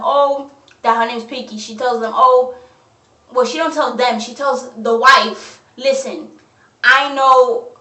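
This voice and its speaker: A woman's voice: fairly high pitch, bright, forceful tone. A young woman ranting through a movie review in blunt, profane slang. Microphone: phone. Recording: echoey room, distant phone mic.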